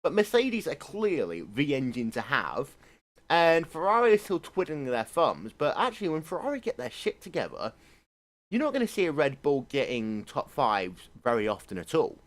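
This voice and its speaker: A man's voice: on the high side, sing-song, normal speed. A man co-hosting a casual motorsport chat, rambling and opinionated, swearing freely. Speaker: motorsport show co-host.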